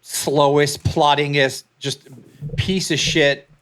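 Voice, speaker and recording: A man co-hosts a casual podcast in a slightly high voice. He is blunt and profane, often stopping and restarting mid-thought. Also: steady tone, slow pace, a bit bright, clear, resonant tone. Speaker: podcast co-host. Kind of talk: casual wrestling review chat.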